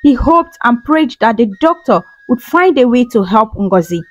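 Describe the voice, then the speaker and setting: Lively woman narrating a folktale. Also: fairly high pitch, normal speed, lo-fi sound. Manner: dramatic, emotive. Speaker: storyteller. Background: faint music.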